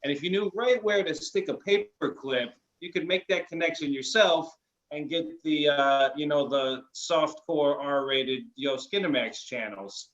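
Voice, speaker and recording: Chicago guy doing deadpan standup, slightly high voice, muffled stream. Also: a little slow. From Chicago area. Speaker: stand-up comedian. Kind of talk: online stand-up set. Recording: lo-fi stream audio.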